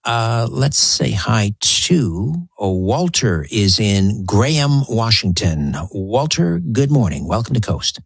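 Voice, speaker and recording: Husky low-voiced radio host. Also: male voice, slow, hardly any pauses, no echo. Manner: relaxed, chatty, marvels at callers' stories. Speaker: radio talk show host. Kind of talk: late-night call-in radio.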